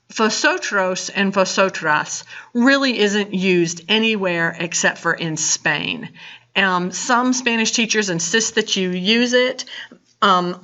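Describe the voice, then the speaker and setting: A woman's voice: fairly low pitch, pushed and bright, dull audio. A woman from the American South with a Southern accent, teaching a Spanish grammar lesson in a patient, step-by-step way. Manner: patient, explains step by step with reminders. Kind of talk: recorded lecture.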